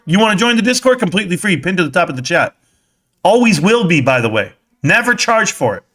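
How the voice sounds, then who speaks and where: This stock-focused live streamer is a man whose voice is high, bright and forceful, and he talks fast in a sing-song way. Combative and heated, he snaps back at chat members with a consistently punchy, confrontational delivery.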